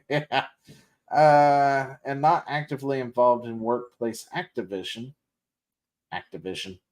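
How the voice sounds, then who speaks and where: A man's voice: mid-range voice, flat delivery, takes it slowly, darkish tone. A man hosting a casual podcast, reading news aloud and mocking it with sarcasm, laughter and swearing. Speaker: podcast host.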